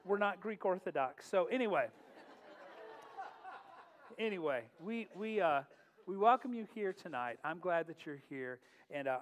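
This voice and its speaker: A middle-aged man, a pastor hosting a worship night in a church, talking in a chatty, joking way with frequent laughs, then leading a prayer. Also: on the high side. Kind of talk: casual humorous talk and prayer. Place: church sanctuary. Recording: long hall reverb, faint music.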